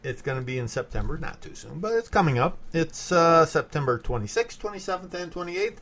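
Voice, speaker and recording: A man's voice: on the high side, expressive, fairly quick, hardly any pauses, a bit bright. A man co-hosting a casual podcast, joking around and reading out announcements. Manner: playful, guessing and joking, reads news announcements. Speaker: co-host.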